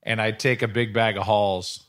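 A man's voice: on the low side, steady tone, moderate pace, a bit bright, smooth, no room sound, clean studio sound. Middle-aged man telling rambling stories. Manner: rambling anecdotal storyteller. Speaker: podcast host and sports broadcaster. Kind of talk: casual chat.

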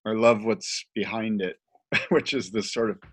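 A man telling stories in a casual podcast chat, animated and laughing, acting out other people's voices. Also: fairly low pitch, a little slow, slightly rough. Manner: animated, laughing storyteller who acts out voices.

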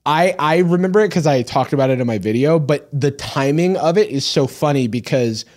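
Male podcast guest, casual, stop-start delivery, slightly higher pitch. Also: darkish tone. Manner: halting restarts, swears. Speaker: guest, video creator. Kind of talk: casual chat.

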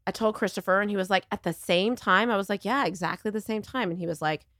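A woman from Texas tells stories easily as a podcast guest. Her tone is bright and forward, in a middle pitch. The sound is dry and close. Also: fast talker, dry recording. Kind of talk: casual chat.

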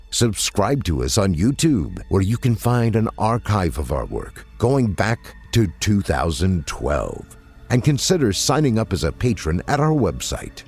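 A man hosting a horror story podcast, reading a scripted outro in a slow, ominous, deliberate way. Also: low-pitched, husky. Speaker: host.

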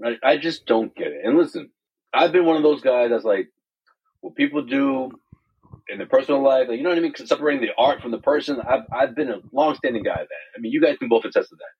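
A man co-hosting a sports podcast in casual chat, talking in an animated way, repeating words and mimicking others. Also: mid-range voice, fast talker, slightly rough, highs cut off. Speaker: podcast co-host.

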